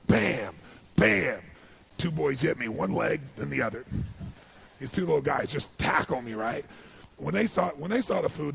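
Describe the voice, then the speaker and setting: A man tells a heartfelt story at a live seminar, his voice deeply gravelly and full of fry. He swings from hushed emotion to excited bursts. A faint hiss of noise sits behind him. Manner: emotional, building to excited outbursts. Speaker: motivational speaker. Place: large seminar hall with audience.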